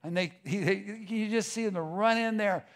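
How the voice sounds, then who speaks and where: A man preaching a sermon with passion, dropping to a hush and rising to a shout, with frequent stammers and restarts. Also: high voice, moderate pace. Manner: impassioned, swings from hushed to shouting.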